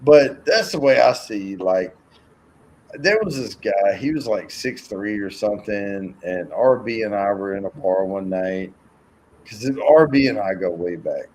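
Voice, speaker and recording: A man's voice: lowish voice, expressive, measured pace, a little mellow, slight background noise, poor audio. A man telling rambling, profane stories in a casual chat and acting out the voices in them. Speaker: co-host.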